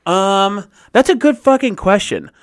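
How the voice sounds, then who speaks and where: A man's voice: sits high, lively intonation, a little slow. A young man co-hosting a podcast, telling rambling stories in casual chat and swearing freely. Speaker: podcast co-host.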